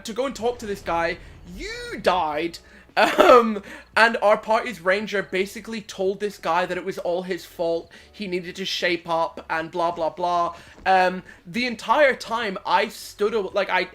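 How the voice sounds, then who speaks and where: A man's voice: high-pitched, fairly bright tone. Rambling, self-mocking male co-host. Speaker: podcast co-host. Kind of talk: casual chat while gaming.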